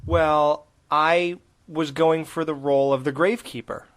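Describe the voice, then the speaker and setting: A man's voice: fairly high pitch, steady tone, measured pace. A man co-hosting a podcast in casual chat, rambling and joking with frequent restarts. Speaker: podcast co-host.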